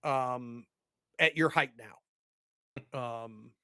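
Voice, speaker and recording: A man running a tabletop game as game master, describing combat in halting, restarting sentences. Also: mid-range voice, pushed and bright, a little hiss or hum. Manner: halting, restarts often while describing action.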